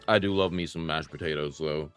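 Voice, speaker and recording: A man's voice: extremely low pitch, steady tone, fairly quick, fairly bright tone, smooth. A young man streaming a retro game, chatting casually and self-deprecatingly with his viewers while he plays. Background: faint game music.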